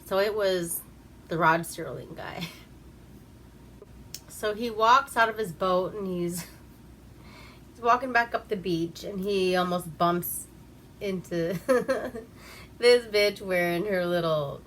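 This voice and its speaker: A woman rambles through a casual movie recap, swearing freely and laughing at her own asides. Her voice is bright and crisp, and she talks at an unhurried pace. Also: lowish voice, a little hiss or hum. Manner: profane, rambling, laughs at herself. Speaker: movie reviewer.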